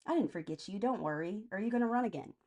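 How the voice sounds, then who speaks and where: A woman's voice: medium pitch, expressive, quick pace, darkish tone. Blunt woman streamer answering chat. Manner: blunt and profane, answers chat commenters by name. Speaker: live stream host. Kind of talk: casual political live stream, reading chat comments.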